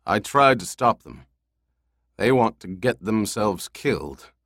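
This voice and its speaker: Man narrating as anxious old father, cautious, pleading, low voice, dry audiobook read. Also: expressive, takes it slowly, fairly bright tone, no room sound, full character voice. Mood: worried. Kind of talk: audiobook character voice.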